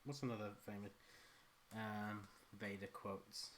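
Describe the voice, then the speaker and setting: A man's voice: fairly low pitch, steady tone, a little slow, a bit bright, slight background noise. Dry-teasing man in casual chat.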